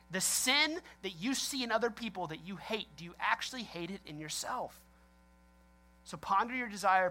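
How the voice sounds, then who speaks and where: Guy pastor preaching, animated, laughs a lot, acts out reactions. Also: sits high. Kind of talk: sermon.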